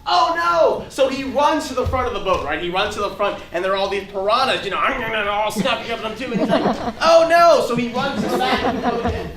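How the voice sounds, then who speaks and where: A man plays Matt, an eager survivor who keeps agreeing and acts out each line he quotes. His voice sits very high. It reaches the mic from a distance in a reverberant theater full of listeners. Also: animated, fairly quick, few pauses, crowd noise. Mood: animated. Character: Matt, an enthusiastic adult survivor recalling a cartoon plot. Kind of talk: stage play acting. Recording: distant stage mic, roomy theater with audience.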